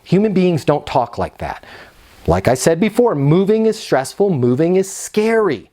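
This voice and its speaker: A middle-aged man giving an energetic, emphatic sales training talk, sometimes acting out both sides of phone calls. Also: high-pitched, normal speed. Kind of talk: instructional talk with role-played phone calls.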